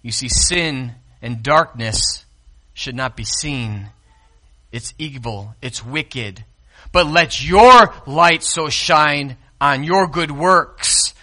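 Animated, bright-voiced male pastor preaching. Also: medium pitch, very slow. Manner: dramatic swings between loud emphatic declarations and quiet, hushed asides; speaks directly to the congregation, calling to the kids and the lights operator. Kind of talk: sermon.

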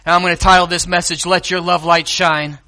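Animated, bright-voiced male pastor preaching. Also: high voice, brisk. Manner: dramatic swings between loud emphatic declarations and quiet, hushed asides; speaks directly to the congregation, calling to the kids and the lights operator. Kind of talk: sermon.

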